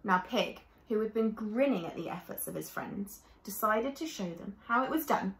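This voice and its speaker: A woman reading a children's story aloud in a gentle, expressive way, often turning to talk directly to young listeners. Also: medium pitch, normal speed, roomy sound, slight background noise.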